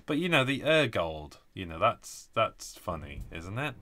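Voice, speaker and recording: A man's voice: lowish voice, very animated, a little slow, pushed and bright. A man hosting a casual live stream, chatting, laughing often and reading viewer comments aloud. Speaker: host reading live chat.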